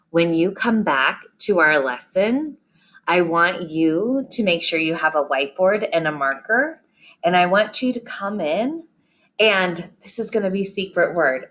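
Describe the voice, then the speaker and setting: A woman's voice: on the low side, a bit bright. A woman teacher recording a lesson for young students, patient and encouraging, who reads her examples aloud with expression.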